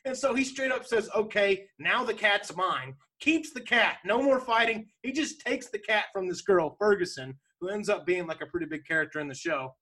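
A man co-hosting a casual talk show, retelling a sitcom in a rambling, animated way with bursts of laughter. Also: sits high, a little fast, hardly any pauses. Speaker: podcast co-host. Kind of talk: casual chat.

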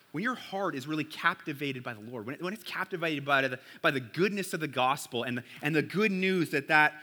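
A man's voice: a little high, sharp tone. A man preaching a sermon to a church congregation in a casual, conversational way, often checking in with "right?". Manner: conversational, keeps asking "right?". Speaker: pastor.

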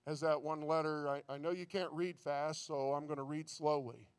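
A man's voice: a little high, fairly even intonation, moderate pace, clear, resonant tone. A man preaching a sermon who stumbles and repeats words, building into fervent preaching.

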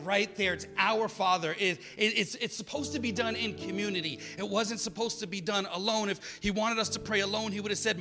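A pastor with a high, bright voice preaches a sermon briskly with few pauses, swinging from soft, quiet passages to loud, emphatic calls. A long hall reverb rings around him, with faint music playing in the background.

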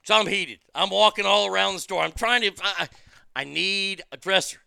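A man's voice: sits high, a little fast, vocal fry, sharp tone, no room sound, studio quality. A man telling a story as a profane rant, stammering and repeating his words as he swears.

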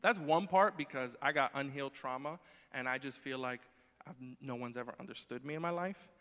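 A man preaching a sermon in a conversational, humorous way, moving between quiet asides and emphatic lines. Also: mid-range voice, a little fast. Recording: long hall reverb.

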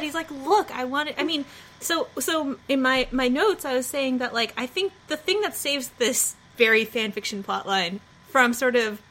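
A woman's voice: high-pitched, a bit bright, a little hiss or hum. A woman hosting a podcast, chatting and laughing often, a little self-deprecating. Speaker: podcast host. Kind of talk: casual chat.

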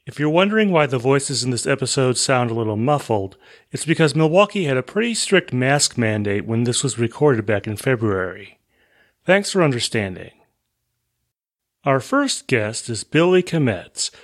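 A man's voice: mid-range voice, big pitch swings, normal speed. A man hosting, giving a short friendly introduction to listeners. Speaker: panel host.

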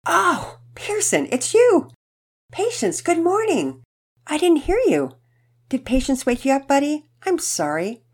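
A woman putting on a bubbly high-voiced mom. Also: big pitch swings, normal speed, hardly any pauses, darkish tone. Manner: bubbly and exclaiming. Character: cheerful motherly woman cooking breakfast.

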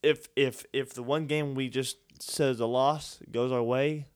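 A man's voice: medium pitch, fairly even intonation, unhurried, no echo. A young man chats casually on a sports podcast, joking around and cutting in over his co-host. His mid-range voice sits close on a podcast mic in a dry, dead room. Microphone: studio podcast mic.

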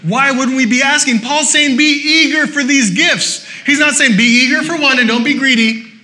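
A male pastor preaches with a high-pitched voice. His tone is bright and ringing. He keeps the sermon conversational and playful, then drives his points home with short, repeated urgings. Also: fairly quick. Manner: lively and conversational, with joking asides; exhorting, repeating short phrases.

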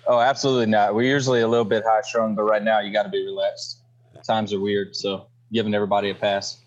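A man's voice: on the low side, flat delivery, fast talker, lo-fi sound. A man from Louisiana with a Cajun accent, a guest on a casual podcast, talking in a laid-back, matter-of-fact way. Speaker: podcast guest, company co-founder.

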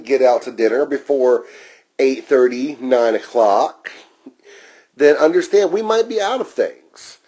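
A man's voice: medium pitch, dark tone, low-quality recording. A man working as a restaurant server, delivering a heated, profanity-laden vlog rant that drifts into side tangents. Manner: wanders off on tangents, then returns.

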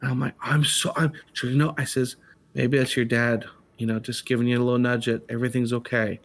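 A man's voice: mid-range voice, flat delivery, brisk. A middle-aged man, a father and interview guest, telling personal stories in an earnest, casual way, often restarting his sentences and acting out quotes. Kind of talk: casual storytelling.

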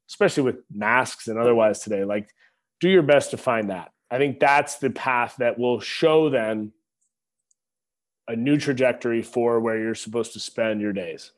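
A man in his thirties tells a heartfelt story in an earnest, preacher-like cadence, calling his listeners y'all. His voice sits at a middle pitch. He speaks as a podcast guest into a studio microphone. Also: moderate pace. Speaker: podcast guest, former linebacker. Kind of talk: reflective storytelling.

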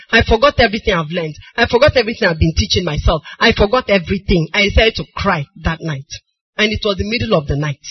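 A middle-aged woman with a Nigerian accent preaching a sermon, moving from soft storytelling to crying, shouted appeals. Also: mid-range voice, breathy edge. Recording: dull lo-fi recording.

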